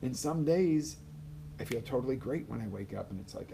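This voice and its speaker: A man giving a live motivational talk as a life coach, energetic, swinging between loud bursts and quiet asides and acting out quoted voices. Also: mid-range voice, moderate pace, creaky, noisy background.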